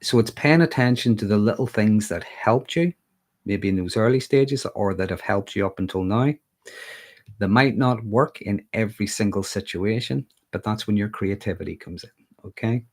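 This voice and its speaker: A man with a Northern Irish accent and a fairly low voice talks casually to a livestream audience. He keeps a conversational flow and checks in with a quick "okay?" as he goes. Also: a little mellow. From Northern Ireland. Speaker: mental health livestreamer.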